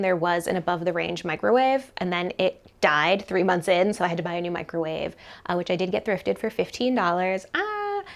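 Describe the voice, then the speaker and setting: A woman talking to camera about her money in an animated, chatty way, full of casual fillers. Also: medium pitch. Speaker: personal finance vlogger. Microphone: camera mic, leaning toward camera.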